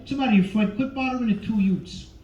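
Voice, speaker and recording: An older man performing a stand-up comedy set, animated and teasing the crowd from a club stage on a handheld mic. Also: high-pitched, fast talker, slight background noise. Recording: echoey club room, slightly dull.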